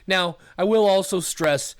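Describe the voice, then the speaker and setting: Podcast host, male, slightly high voice, rambling and profane, dry close mic. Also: unhurried, clear, resonant tone, dry recording. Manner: emotional, profane, rambling with restarts. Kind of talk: casual podcast chat.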